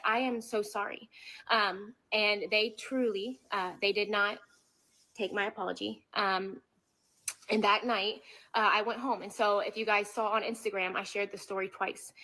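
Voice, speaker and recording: A woman retelling a frightening encounter in a halting, repetitive way, returning again and again to her apology. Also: medium pitch, sharp tone, poor audio. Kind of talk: clip of an emotional personal story.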